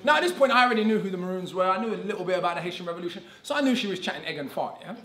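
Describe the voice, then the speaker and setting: A man giving an animated, conversational public talk at a conference, often checking in with the audience with "right?". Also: high-pitched, rapid-fire, slight background noise. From England. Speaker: conference speaker. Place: conference hall. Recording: echoey hall.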